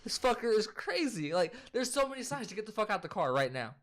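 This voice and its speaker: A man's voice: high voice, big pitch swings, a little fast, a bit bright. A young man co-hosting a casual chat, animatedly retelling movie scenes with lots of swearing and quoted lines. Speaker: co-host.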